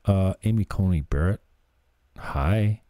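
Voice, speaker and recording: A man's voice: deep voice, slow pace, mellow, dry recording, studio quality. A man hosting a sarcastic commentary show, mocking the clips he plays. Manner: sarcastic, jeering. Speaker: commentary host.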